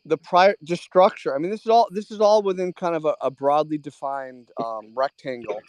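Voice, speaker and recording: Host of a casual live Q&A: a man with a smooth, fairly high voice, blunt and quick, dry close sound. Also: darkish tone, dry recording. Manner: blunt, quick, drops bits of French. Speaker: host of a trading Q&A. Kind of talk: casual live audio chat.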